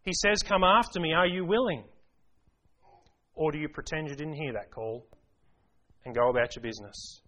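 A man's voice: on the high side, moderate pace, pauses often, sharp tone. A man preaching a sermon, earnest and emphatic, putting rhetorical questions to his congregation.

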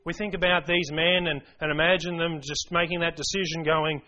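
Earnest preacher, higher-pitched man. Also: flat delivery, fairly quick, hardly any pauses, bright, forceful tone, lo-fi sound. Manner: earnest, emphatic, rhetorical questions to the congregation. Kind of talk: sermon.

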